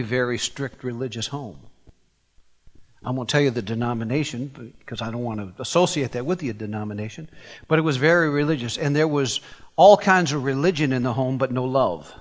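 An older man from Tennessee preaching a sermon, emphatic, firing rhetorical questions and climbing in pitch as he presses a point. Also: fairly bright tone, in a large hall. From Tennessee, USA.

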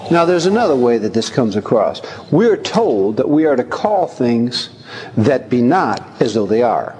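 A man's voice: medium pitch, sing-song, measured pace, a little mellow. A man preaching a sermon, reading scripture aloud and explaining it in a folksy, humorous way that often breaks into chuckles. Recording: long hall reverb.

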